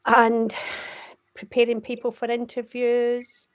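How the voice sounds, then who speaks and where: Through muffled, lo-fi video call audio comes a slightly high, clean-toned woman's voice with a completely flat delivery. She's an older retired career coach from Scotland, a chatty guest who tells stories and is quick to laugh.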